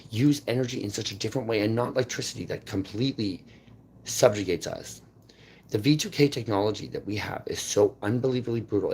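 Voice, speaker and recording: Intense rambling man, husky voice. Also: lowish voice. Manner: intense, jumps between topics, repeats words, emphatic swings in loudness. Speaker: channel host. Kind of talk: rambling unscripted monologue to camera.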